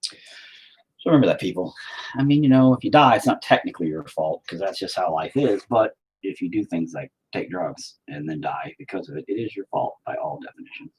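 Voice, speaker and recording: A man's voice: deep voice, animated, fairly quick, darkish tone, slightly rough, rough recording. A man talking casually to his viewers while he paints, cursing constantly and mocking himself as he rants. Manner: profane, ranting, self-mocking. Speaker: painting vlogger.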